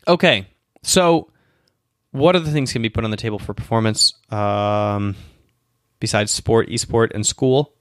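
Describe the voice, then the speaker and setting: A man's voice: lowish voice, moderate pace, clean tone, dry recording, studio quality. A man hosting a solo question-and-answer show, explaining at length with restarts and asides, tired and yawning early in the morning. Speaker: podcast host answering questions. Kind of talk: casual solo Q&A talk.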